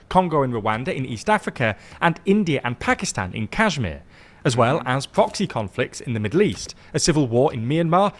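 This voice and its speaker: A man narrating a scripted news roundup in a measured, formal way. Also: mid-range voice.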